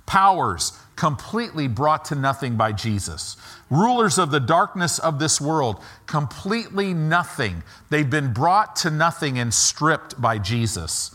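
A man's voice: fairly high pitch, sing-song, measured pace, bright, forceful tone. A middle-aged man preaching a sermon, emphatic and repetitive, leading the congregation in call-and-response. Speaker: pastor.

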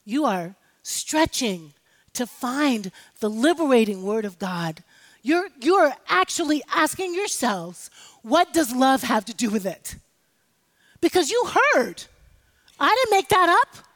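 A woman's voice: high voice, very animated, slow, fairly bright tone. A woman preaching an impassioned sermon, rallying the congregation with call-and-response. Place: church sanctuary. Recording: live hall with long reverb.

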